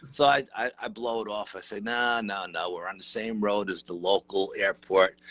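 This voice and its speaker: A middle-aged man, telling a story as an interview guest in a lively, casual, rough-edged way. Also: on the low side, no echo. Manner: animated, conversational, rough-edged. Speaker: interview guest, paranormal researcher.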